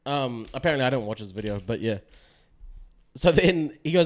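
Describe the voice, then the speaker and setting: A man's voice: mid-range voice, lively intonation, a little fast. A man telling a comedy story in casual chat, swearing and acting out the voices of others. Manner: swearing, laid-back, acts out quoted voices. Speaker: comedian guest.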